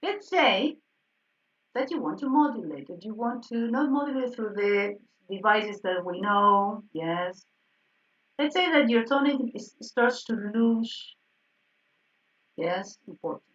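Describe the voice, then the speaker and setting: A woman's voice: on the high side, lively intonation, slow pace, fairly bright tone. A woman teaching a piano harmony class over a video call. She speaks animatedly and keeps checking in with "yes?" while she corrects herself. Her voice sounds distant and dull, as if heard through a laptop. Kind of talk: online class correcting exercises.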